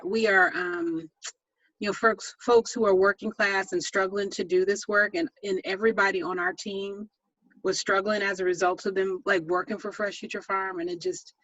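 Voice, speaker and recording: An interview host speaking casually, halting with many restarts and affirming "mm-hmm"s. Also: mid-range voice, fairly bright tone, dry recording. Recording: dry, slightly dull lo-fi sound.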